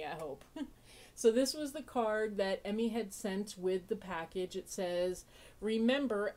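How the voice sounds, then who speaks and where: A woman with a mid-range, darkish voice hosts a casual podcast, chatting as she opens her mail. She gushes and laughs often, full of sarcastic self-mockery.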